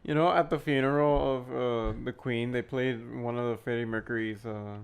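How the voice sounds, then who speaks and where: A young man co-hosting a podcast, chatting casually with blunt jokes and quick quips. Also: mid-range voice, fairly even intonation, gravelly, clear, resonant tone. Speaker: podcast co-host. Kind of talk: casual chat.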